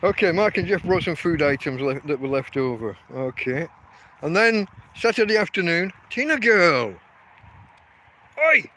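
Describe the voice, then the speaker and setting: English host walking his dog at night, rambling phone-stream chat, a touch higher voice than most men, faint outdoor hiss. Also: animated, normal speed, fairly bright tone. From England. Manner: rambling, talks to his dog between thoughts. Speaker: podcast host. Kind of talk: casual live-stream chat.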